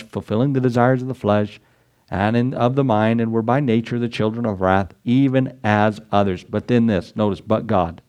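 A man preaching a sermon as pastor, folksy and animated, reading scripture and acting out voices with chuckles. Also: mid-range voice.

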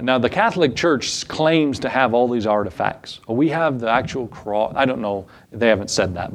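A man pastor giving conversational Bible teaching in a folksy way, often asking his listeners rhetorical questions. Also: medium pitch.

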